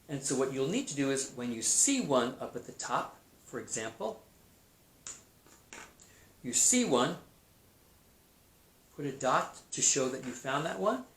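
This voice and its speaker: A male teacher giving a recorded math lesson to young children, speaking slowly and sounding out names syllable by syllable. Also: fairly high pitch, fairly bright tone. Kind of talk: kindergarten math video lesson. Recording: echoey room, faint noise.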